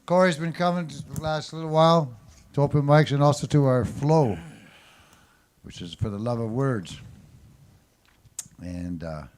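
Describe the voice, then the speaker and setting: A man's voice: medium pitch, normal speed, long pauses, darkish tone. A man hosting an open mic, introducing the next act in a casual, offhand, joking way. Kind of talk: emcee introduction. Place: stage at an open mic showroom.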